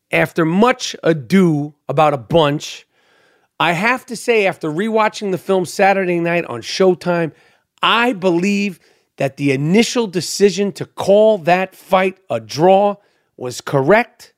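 A man's voice: high voice, no echo, studio quality. A man hosting a podcast in a casual monologue, emphatic and profane, rambling with many repetitions. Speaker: podcast host.

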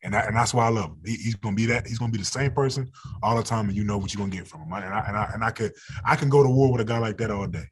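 A man's voice: fairly low pitch, rapid-fire, husky. A young adult man, a football player, talking casually in an interview, laid-back and often laughing.

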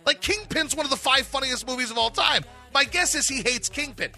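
A man co-hosting a sports talk radio show, chatting casually and rambling into excited outbursts. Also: a little fast, faint music behind. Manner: animated, rambling, jumps into high excited outbursts.

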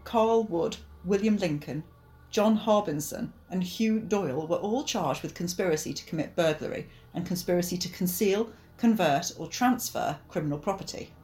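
A woman's voice: lowish voice, a little mellow. Chatty woman co-hosting a true-crime podcast. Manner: chatty, quick to tease. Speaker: podcast co-host. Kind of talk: casual true-crime chat.

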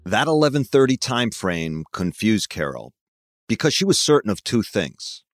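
A man narrating a true crime story in a measured, somber scripted read. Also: on the low side, sing-song, no echo.

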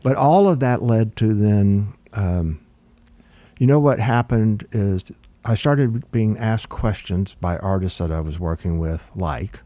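An older man speaks low and warm, drifting through anecdotes with plenty of ums and restarts. The sound is close and dry, with no room around it. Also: takes it slowly, no echo. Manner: relaxed, rambling with fillers and restarts. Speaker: record producer guest. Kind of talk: conversational interview storytelling.

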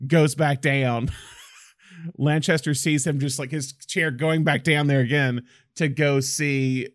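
A man's voice: medium pitch, no echo, studio quality. A man co-hosting a casual film discussion, talking enthusiastically and acting out quotes from the movie.

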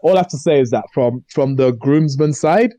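A man's voice: medium pitch, moderate pace, no room sound, low-quality recording. A young man, co-hosting a casual podcast chat and telling stories animatedly with many restarts. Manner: animated storyteller, lots of fillers and restarts. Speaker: podcast co-host.

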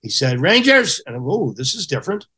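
A man's voice: medium pitch, moderate pace. A middle-aged man, a former hockey goaltender, telling stories as a podcast guest and acting out the people he quotes. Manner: animated storyteller who acts out quotes. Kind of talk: casual storytelling.

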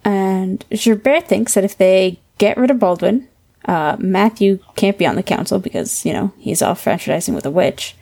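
A woman in casual podcast chat, calmly leading the recap of a TV episode. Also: mid-range voice, normal speed, vocal fry. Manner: relaxed, affectionate, leads the recap.

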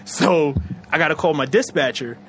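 A young man chatting casually as a podcast host, rambling with lots of fillers and quick laughs. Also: on the high side, fairly bright tone, slight background noise. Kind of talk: casual chat.

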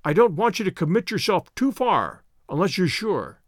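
A man voicing a keen, brisk male detective, speaking in a crisp, earnest, measured way. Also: high voice, big pitch swings, dry recording, clean studio sound. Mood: earnest, wary.

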